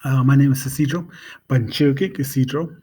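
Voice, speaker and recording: A man giving a casual spoken language lesson, relaxed and pausing often, repeating phrases slowly and spelling them out letter by letter. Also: mid-range voice, slightly rough. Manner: relaxed and unhurried, with many pauses and fillers. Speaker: language teacher.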